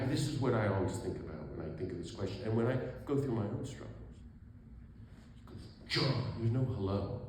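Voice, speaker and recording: A man's voice: fairly low pitch, dark tone. A man in his sixties, a priest telling a story to an audience, acting out the people in it and laughing often. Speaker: Catholic priest and author speaking. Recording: very echoey hall, faint room noise.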